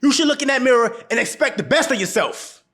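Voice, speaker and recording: A man's voice: very high-pitched, expressive, fast, a bit bright. A man giving blunt relationship advice straight to camera, laughing often and hammering home his points by repeating them. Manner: repeats phrases for emphasis. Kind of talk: casual advice monologue to camera.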